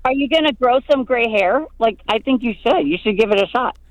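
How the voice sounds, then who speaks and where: A woman's voice: on the high side, brisk, no echo, lo-fi sound. A middle-aged woman comedian calling in from outdoors at a festival, playful and teasing in a comic chat. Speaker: comedian and regular correspondent.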